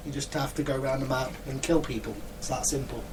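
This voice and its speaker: A man's voice: medium pitch, fairly even intonation, fast talker. A man co-hosting a casual podcast, talking in a dry, teasing, mock-serious way. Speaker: podcast co-host. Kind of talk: casual banter. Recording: distant mic with audible background noise.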